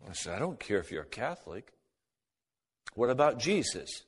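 A man's voice: mid-range voice, sing-song, moderate pace, breathy edge. A man giving a spoken personal testimony, acting out both sides of remembered conversations as he tells the story. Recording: long hall reverb.

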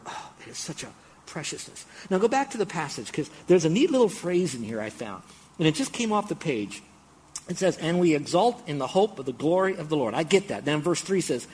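A middle-aged male pastor delivering a sermon in a voice that sits a little high for a man. He preaches with animated energy and often jumps into loud, high-pitched bursts. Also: husky.

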